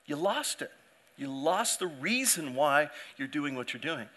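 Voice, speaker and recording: A man's voice: a little high, sing-song, measured pace, sharp tone. A male pastor preaching a sermon in a conversational way, often restarting his sentences and acting out the people he quotes.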